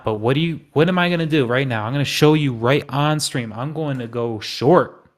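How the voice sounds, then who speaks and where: On his live trading stream, this man talks casually at normal speed in a mid-range voice. He gets animated, voicing the panicked inner thoughts of traders.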